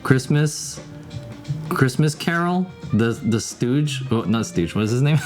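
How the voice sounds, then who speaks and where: A man's voice: mid-range voice, lively intonation, unhurried. A man live streaming from home, chatting casually, rambling and swearing as he answers his viewers. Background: music playing.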